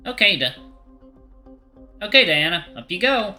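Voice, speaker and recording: A man voicing a calm young man who talks gently and reassuringly. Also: sits high, a little slow, faint music behind, pitched above the performer's own voice, exaggerated voice. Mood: gentle.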